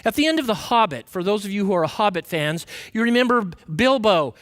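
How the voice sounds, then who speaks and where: A man giving a conversational Sunday sermon, asking the congregation questions and acting out quoted voices with big swings in pitch. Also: lively intonation, brisk, a bit bright. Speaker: minister giving a Sunday talk. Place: church sanctuary. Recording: long reverb of a worship hall.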